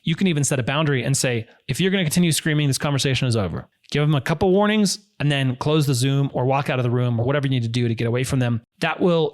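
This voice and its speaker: A man coaching viewers on negotiation in a direct, emphatic instructional talk, often repeating key phrases. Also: medium pitch.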